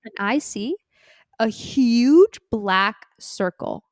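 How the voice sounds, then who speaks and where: A young woman from Florida co-hosting a podcast. She tells stories in a lively, casual way and acts out her own past lines. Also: on the high side, drawn-out words, no room sound. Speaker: podcast co-host. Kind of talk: casual chat. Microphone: desk mic on a stand.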